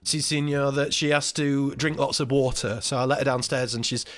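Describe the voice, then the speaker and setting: A man telling a story in casual livestream chat, animated and swearing as he acts out the people involved. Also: medium pitch, moderate pace. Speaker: livestream host.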